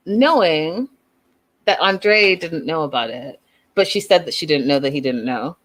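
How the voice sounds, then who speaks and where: Woman host, slightly low pitch, animated opinionated recap commentary. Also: normal speed. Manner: animated, opinionated, acts out quotes. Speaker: show host reviewing reality TV.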